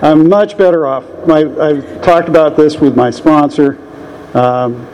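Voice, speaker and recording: A man's voice: a little high, unhurried, darkish tone, a little hiss or hum. Chuckling man telling a rambling story. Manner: rambling, self-deprecating, chuckles often. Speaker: meeting speaker. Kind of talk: personal recovery story. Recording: dull lo-fi room recording.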